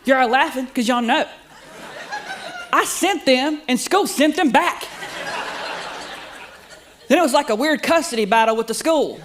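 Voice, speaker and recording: A woman's voice: high-pitched, unhurried, pauses often, slight background noise. A middle-aged woman doing a stand-up comedy set, sassy and self-deprecating, chatting with the crowd. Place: comedy club studio with live audience.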